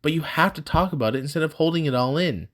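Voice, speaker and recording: A woman's voice: deep voice, fast, voice pushed up. A man voicing a young woman student who earnestly urges her angry friend to open up. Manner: pleading, earnest.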